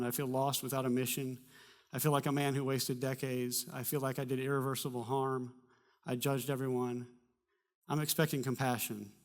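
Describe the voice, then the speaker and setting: A male pastor with a mid-range voice preaches a sermon in a church, relating a personal story conversationally, with humor and animated bursts.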